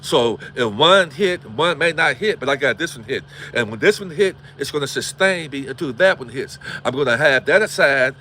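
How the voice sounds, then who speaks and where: Preaching through an impassioned livestream monologue, a Gary, Indiana host leans on repeated rhetorical questions and swearing. The pitch is medium and the tone sharp, with a little hiss or hum in the recording.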